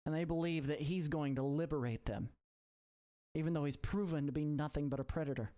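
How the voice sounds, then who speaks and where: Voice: medium pitch, a little fast, dark tone, faint music behind, natural voice. Game master doing a grave warning ally.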